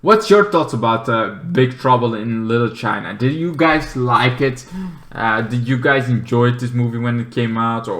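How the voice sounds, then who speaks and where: A man talks through a movie review in a loose, rambling way, full of fillers and restarts. His voice is bright and forceful. The sound bounces around a roomy, echoey space. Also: mid-range voice, a little hiss or hum. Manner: rambling, excitable, with many fillers.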